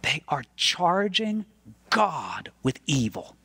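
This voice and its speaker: A man's voice: on the high side, sing-song, takes it slowly, sharp tone, breathy edge, no room sound. A man preaching a sermon as pastor, earnest and emphatic, repeating words as he stresses a point.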